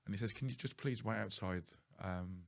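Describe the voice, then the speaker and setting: A man's voice: on the low side, normal speed, vocal fry. A man hosting a podcast, telling a story in a chatty way, laughing and swearing casually. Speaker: podcast host.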